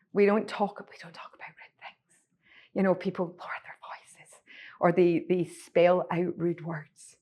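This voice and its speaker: Scottish woman, lower voice, workshop presenter, storytelling with ums and restarts. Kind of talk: conference workshop talk. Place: conference room.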